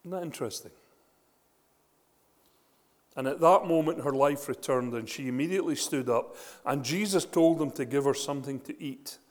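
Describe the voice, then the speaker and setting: A man preaching a sermon, retelling scripture with animated storytelling and frequent rhetorical questions. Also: mid-range voice, moderate pace, pauses often, in a large hall.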